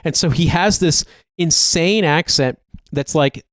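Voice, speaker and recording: A man's voice: a little high, normal speed, no echo, clean studio sound. A man co-hosting a podcast, chatting casually in a rambling, profane way with lots of "like". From United States. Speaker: podcast co-host. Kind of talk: casual chat.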